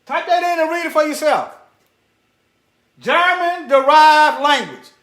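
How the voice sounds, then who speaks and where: This man's voice sits at an extremely high pitch, moving a little slowly, with a somewhat bright tone in a roomy-sounding recording. Sharing his screen, he offers preachy commentary aimed straight at his audience, hammering phrases through repetition and murmuring asides as he looks things up.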